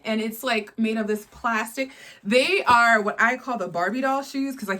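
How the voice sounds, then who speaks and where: A woman in her twenties chatting casually and excitedly as she unboxes shoes, full of playful asides and filler words. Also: mid-range voice, slight background noise. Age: 20s. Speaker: fashion vlogger.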